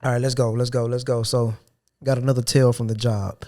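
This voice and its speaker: A man's voice: mid-range voice, flat delivery, a little fast, a little mellow. A young man hosting a podcast, telling a work story in loose slang and acting out his coworkers' lines. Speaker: podcast host. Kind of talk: casual storytelling chat.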